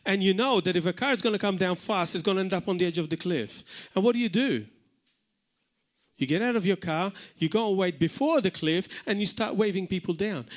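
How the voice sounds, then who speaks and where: A man from Malta with a Maltese accent, preaching an animated sermon in a church hall. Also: high voice. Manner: animated preaching, shouting out acted warnings.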